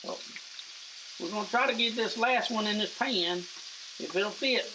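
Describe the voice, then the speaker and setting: A middle-aged man hosts a casual cooking demo in his home kitchen, chatty and folksy, calling his viewers "guys." His voice is high and his pace measured, with background noise present.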